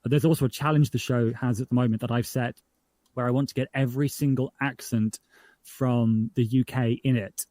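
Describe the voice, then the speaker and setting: A man's voice: mid-range voice, normal speed, no echo. A man from northern England, a podcast creator, talking casually in an interview, often restarting his sentences and livening up when he tells jokes. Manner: chatty, self-correcting, animated when telling jokes.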